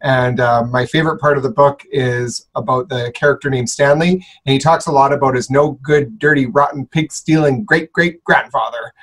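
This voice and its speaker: A man from a school's staff talks to students in a relaxed, easygoing way, often pausing on "uh" and "um." His voice is a little husky, at an ordinary middle pitch. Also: rough recording. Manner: relaxed, with frequent "uh" and "um". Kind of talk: casual chat to students.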